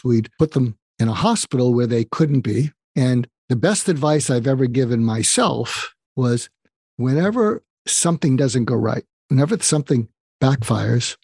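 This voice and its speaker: An older man speaks as a guest psychiatrist, earnest and advising as he tells stories. His voice is mellow and a little husky. The sound is dry and close. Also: medium pitch, moderate pace, no echo. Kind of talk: interview storytelling.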